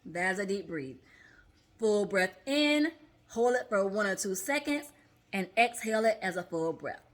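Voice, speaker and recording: A woman therapist and mindfulness coach talking casually to viewers, often checking in with a quick "okay?" and demonstrating deep breaths aloud. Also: expressive. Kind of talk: casual instructional vlog.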